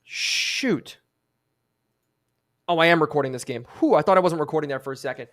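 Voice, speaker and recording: A man's voice: on the high side, moderate pace. A young man streaming a football video game live, commenting on the plays and reading chat aloud. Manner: excitable, reads chat aloud.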